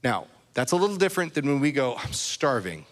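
A man's voice: a little high, lively intonation, fast. A man preaching a sermon as pastor, talking in a conversational way and checking in with his listeners. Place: church. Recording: reverberant hall.

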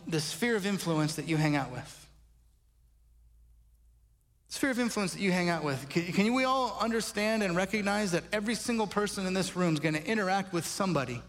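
A man preaching a sermon in a church, animated and emphatic, often asking the congregation rhetorical questions. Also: sits high. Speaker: pastor. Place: church sanctuary. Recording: reverberant church hall.

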